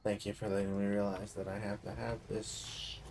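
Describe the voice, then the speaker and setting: A man's voice: fairly low pitch, flat delivery, moderate pace, creaky, background noise. A young man casually commenting on his gameplay, sarcastically taunting the game's creatures. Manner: sarcastic, mock-theatrical taunting of game characters. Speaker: gaming streamer.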